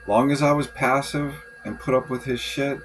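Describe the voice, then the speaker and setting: A man's voice: medium pitch, fairly even intonation, moderate pace, slight background noise, rough recording. A man venting in a rambling, frustrated journal monologue, swearing often and restarting his sentences. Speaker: vlogger.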